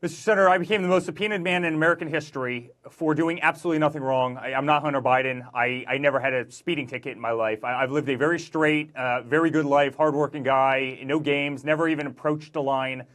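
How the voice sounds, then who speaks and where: A man's voice: a little high, fairly even intonation, fairly bright tone. Emphatic man listing grievances. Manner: emphatic, rapid-fire lists of grievances. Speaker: guest author. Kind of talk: political interview.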